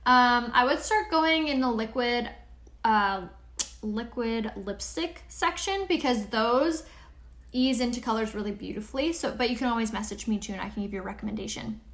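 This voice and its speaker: A woman hosting a live makeup tutorial, chatting upbeat with viewers and pitching her products. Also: normal speed, fairly bright tone, reverberant. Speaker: makeup seller and tutorial host.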